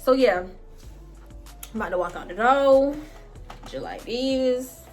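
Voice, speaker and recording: A woman's voice: on the high side, slow, faint music behind. Young woman vlogger, loose and profane, shot on a phone at home. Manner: profane, chatty, animated storytelling to viewers. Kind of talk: casual storytime chat. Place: home, indoors. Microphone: phone camera.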